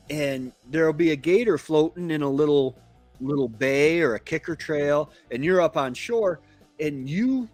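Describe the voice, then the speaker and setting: A man from Florida who hosts a homestead live stream, telling a casual story in a meandering, halting way. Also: a little high, dry recording. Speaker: homestead channel host.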